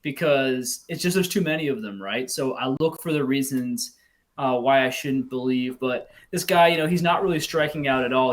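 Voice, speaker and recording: A man's voice: medium pitch, fairly bright tone. A man co-hosting a sports podcast in casual chat, rambling and hesitant, with many fillers. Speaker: podcast co-host.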